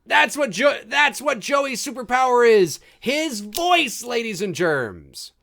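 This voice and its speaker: A man talks over a movie in loose, joking commentary, laughing and tossing in mock lines from the scenes. His voice sits high and swings widely up and down as he reacts. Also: very animated, slow pace, creaky, sharp tone. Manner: chatty, jokey, reacting with laughs and mock quotes. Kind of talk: casual live movie commentary.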